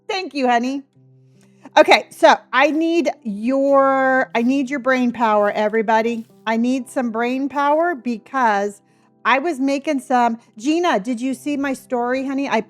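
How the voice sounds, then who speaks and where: A middle-aged woman chatting casually with viewers on a live stream, bubbly and talkative, greeting and thanking them by name. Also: fairly high pitch.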